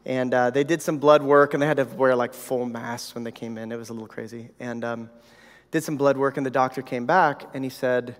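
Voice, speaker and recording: A man's voice: mid-range voice, steady tone, normal speed. Man preaching in a reverberant hall. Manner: storytelling, conversational with many fillers. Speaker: pastor. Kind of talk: sermon. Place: church hall.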